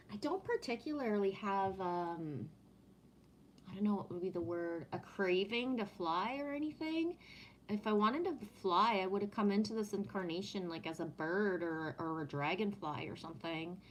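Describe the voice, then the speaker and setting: A relaxed, chatty woman with a French accent talks to her live-stream viewers, greeting them one by one. She pulls oracle cards and reads them aloud in a laid-back voice of middling pitch. A faint hum of ambient noise sits behind her. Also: measured pace. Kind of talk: casual live-stream chat and oracle card reading.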